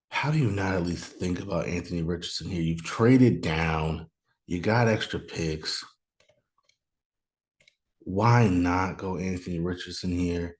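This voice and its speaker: A deep-voiced man hosts a casual solo show from home, thinking aloud as he goes. He rambles and second-guesses himself, then bursts into mock anger. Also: darkish tone. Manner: thinks aloud, chatty, sudden mock outrage. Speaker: podcast host doing a mock draft. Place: room at home, noise outside.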